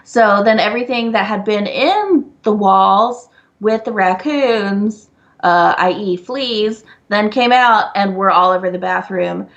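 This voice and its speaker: A woman's voice: slow, muffled recording. A woman co-hosting a casual live Q&A stream, telling stories and laughing often. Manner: animated storyteller, laughs often, jumps high in quoted bits. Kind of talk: casual chat.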